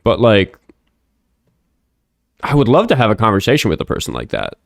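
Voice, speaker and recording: A man's voice: fairly low pitch, huge pitch swings, moderate pace, vocal fry, no echo, studio quality. A young man hosting a livestream show, rambling and swearing casually with lots of fillers. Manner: rambling, profane, frequent fillers. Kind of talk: casual livestream talk with callers.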